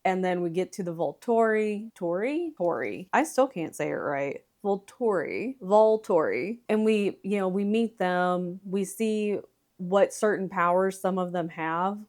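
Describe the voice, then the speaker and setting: A woman's voice: on the low side, moderate pace. A woman in her thirties giving a casual book review on her vlog, chatty and rambling, correcting herself as she goes and swearing lightly. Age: 30s. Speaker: book vlogger.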